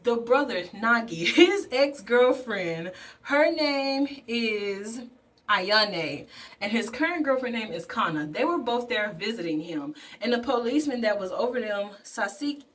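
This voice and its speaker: A bubbly, animated woman recaps a film in a casual vlog while doing face paint, her voice sitting a bit high. She slips into playful voices for the characters. She sounds a little distant from the mic. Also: unhurried. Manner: animated, chatty, acts out characters in funny voices. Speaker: beauty and movie review vlogger.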